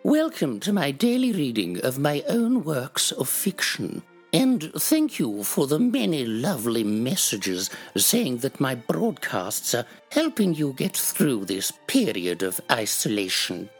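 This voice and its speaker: A performer doing an impression of an elderly grand dame, reading her own fiction slowly and primly. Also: medium pitch, wildly swooping pitch, husky, soft background music, full character voice.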